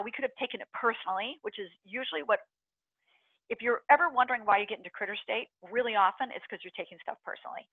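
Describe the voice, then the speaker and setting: Middle-aged woman leading a webinar; lively and expressive, heard over a thin phone-line feed. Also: on the high side, fairly quick, no echo. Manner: energetic, acts out inner voices with sighs and gasps. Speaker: webinar presenter. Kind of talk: webinar presentation. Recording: tinny phone-line audio, dry.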